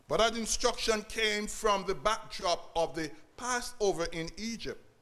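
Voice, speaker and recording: A man's voice: sits high, pushed and bright. A man preaching a sermon to his congregation, repeating key phrases and calling out to the church. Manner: preaching with repetition and call-outs to the congregation.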